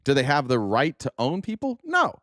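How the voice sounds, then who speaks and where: A man's voice: on the high side, wildly swooping pitch, normal speed, fairly bright tone, no echo, studio quality. A man hosting a live stream, reacting to political clips with sarcastic, profane commentary.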